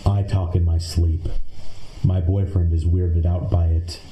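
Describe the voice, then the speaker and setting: A man reading a numbered list of creepy stories aloud in a slow, measured, deadpan manner. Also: low voice. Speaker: narrator. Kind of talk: scripted narration of creepy stories. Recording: echoey room with faint noise.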